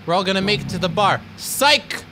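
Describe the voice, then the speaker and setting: A man's voice: high-pitched, fairly even intonation, rapid-fire, noisy background. A man playing a driving game and goofily narrating his own driving as he commentates. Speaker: gamer driving the bus. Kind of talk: let's-play commentary.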